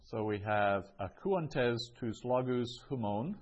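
A man's voice: mid-range voice, expressive, slow pace, muffled recording. A man teaching a language lesson, reading each phrase twice before translating it, with frequent ums. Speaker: Greek teacher. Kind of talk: slow explanatory language lesson.

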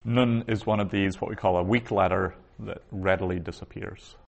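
A man teaching a Hebrew class, saying each vocabulary word twice and explaining it in a slow, deliberate lecture. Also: low-pitched, fairly even intonation, gravelly, lo-fi sound.

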